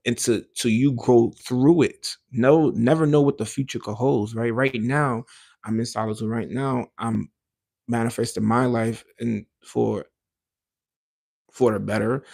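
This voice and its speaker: Male podcast host, gravelly, mid-pitched, loose rambling livestream chatter with slang and swearing. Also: unhurried, darkish tone. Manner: rambling, emphatic, frequent restarts; slangy and profane. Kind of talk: casual livestream chat.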